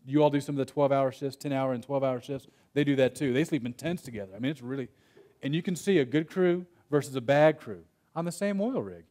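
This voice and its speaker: Speaking quickly in a medium-pitched, dark voice, this young Texan presents a breakout talk in a conference room as a workshop speaker. His style is chatty storytelling, with laughs and sentences he sometimes cuts off.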